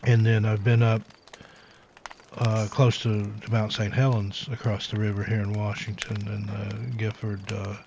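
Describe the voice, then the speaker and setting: Man, gravelly voice, relaxed rambling host, lo-fi audio. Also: fairly low pitch, measured pace. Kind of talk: casual spoken story. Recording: dull lo-fi audio with faint hiss.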